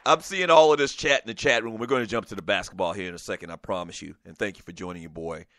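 Male talk host, sharp bright tone, emphatic, repeats himself, jokes and laughs between points. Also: on the low side, fast talker. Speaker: podcast host. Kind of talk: casual sports talk show.

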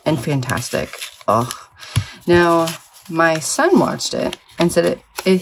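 Low gravelly sleepy woman rambling. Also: animated, takes it slowly, a little hiss or hum. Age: middle-aged. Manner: chatty, self-deprecating, drifts off topic. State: sleepy early-morning. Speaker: vlogger. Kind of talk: rambling casual chat while crafting.

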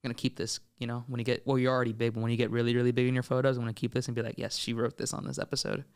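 A young man hosting a podcast interview, joking and teasing in casual chat and often repeating himself in quick runs. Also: mid-range voice, little pitch movement, vocal fry, smooth. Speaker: podcast host.

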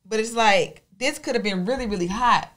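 A woman's voice: fairly high pitch, moderate pace, fairly bright tone. A woman co-hosting a podcast, chatting casually with wry, self-deprecating humor. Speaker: podcast co-host.

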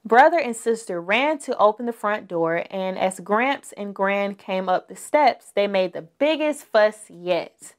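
Slow storytelling woman. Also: mid-range voice, animated. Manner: slow, gentle, clear storytelling. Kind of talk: reading a children's picture book aloud.

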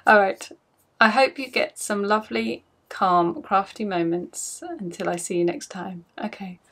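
A woman's voice: mid-range voice, measured pace, fairly bright tone. A woman hosting her craft podcast at home, chatting casually to camera in a rambling, self-mocking way.

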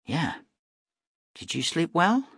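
A man reading aloud voices a blunt, firm young widow in a raised, brisk tone. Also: on the high side, very animated, gravelly, fairly bright tone, slightly rough, dry recording, clean studio sound, voice pushed up, exaggerated voice.

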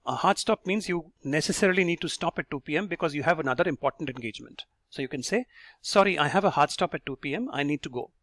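A man teaching an online lesson, explaining and repeating example phrases slowly. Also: on the high side, a bit bright, no room sound, studio quality. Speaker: English teacher.

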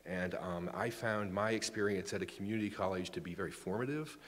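A man's voice: deep voice, fairly quick, long reverb tail. A man in his forties giving a public astronomy lecture, chatty and joking about himself, often restarting his sentences. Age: 40s. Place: lecture room.

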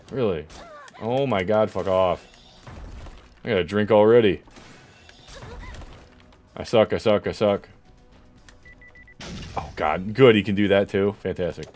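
Low-voiced man cursing through a game. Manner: profane, reacting loudly to the game. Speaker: gaming YouTuber. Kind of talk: let's play commentary. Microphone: corded mic, hunched toward screen.

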